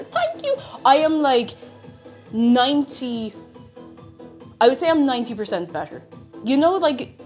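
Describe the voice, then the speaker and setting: A woman streamer chatting casually while cooking, playful and talkative, her voice a little crackly after being sick. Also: a little high. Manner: chatty and playful, bursts into silly singing. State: slightly crackly voice after illness.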